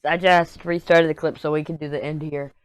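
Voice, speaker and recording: A low-pitched woman talks through her crafting vlog in a hoarse, tired voice. She rambles and pokes fun at herself with little energy. The sound is dry and close. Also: little pitch movement, fairly quick, no room sound. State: hoarse, worn out. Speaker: crafting YouTuber. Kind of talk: casual chat while diamond painting.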